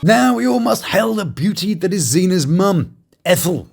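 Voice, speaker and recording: Lively sarcastic male commentator. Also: sits high, normal speed, vocal fry. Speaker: YouTube show host and reviewer. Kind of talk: comic review commentary.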